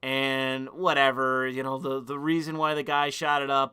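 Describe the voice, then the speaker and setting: A young man streaming and rambling crudely, bursting into excited outbursts. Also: mid-range voice, moderate pace, clear, resonant tone. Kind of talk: casual stream commentary.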